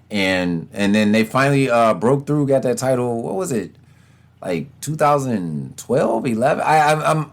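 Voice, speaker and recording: A man hosting a sports podcast, talking casually in slangy, animated bursts, often laughing and mimicking other people. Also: fairly high pitch, gravelly. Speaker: podcast host.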